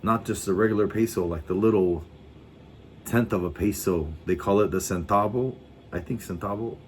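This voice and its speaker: A man's voice: on the low side, normal speed, slight background noise. A middle-aged man telling rambling stories in casual chat, swearing freely and often restarting his sentences. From United States. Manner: laid-back rambling storytelling, swears a lot, often restarts. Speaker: vlogger.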